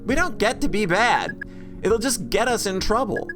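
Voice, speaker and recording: A woman voicing a cautious, calmly reasoning teenage boy in a game. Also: medium pitch, moderate pace, lightly acted. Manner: calm, reasoning. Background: game music.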